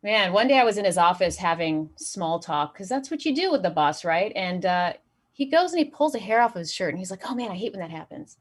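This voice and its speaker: A woman's voice: mid-range voice, sing-song, a little fast. Woman doing a stand-up set. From Saudi Arabia. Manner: dry punchlines, often chuckling at her own jokes. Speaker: stand-up comedian.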